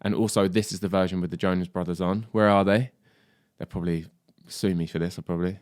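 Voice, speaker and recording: Male drum tutor, lowish voice, dry close sound, chatty and sweary, keeps checking in with the viewer. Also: fairly even intonation, fast, darkish tone, clean tone, no room sound. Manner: chatty, swears, says "mate" and "do you know what I mean". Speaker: drum teacher. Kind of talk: casual video lesson.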